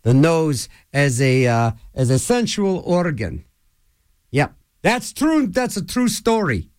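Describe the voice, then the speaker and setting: Animated rambling male radio host. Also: on the high side, takes it slowly, clean tone. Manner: rambling, digressive, animated storyteller. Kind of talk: rambling casual radio talk.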